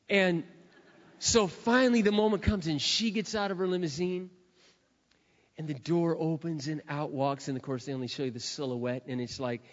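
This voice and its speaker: A man preaching a sermon in a lively storytelling style, retelling a scene with dramatic acted quotes. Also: sits high. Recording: dull lo-fi with long hall reverb.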